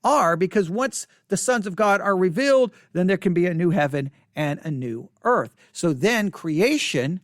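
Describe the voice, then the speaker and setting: Male pastor, high voice, candid and self-deprecating, bursts of excitement, dry close sound. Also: moderate pace, few pauses, no echo. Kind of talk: expository Bible study sermon. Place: church.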